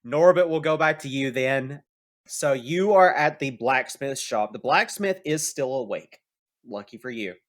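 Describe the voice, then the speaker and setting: A man's voice: mid-range voice, expressive, measured pace. A man narrating as game master of a tabletop game, casual and hesitant with fillers.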